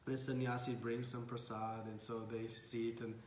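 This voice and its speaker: A man telling a devotional story as a sermon, animated and acting out the characters. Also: mid-range voice, normal speed, reverberant, a little hiss or hum. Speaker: devotional speaker.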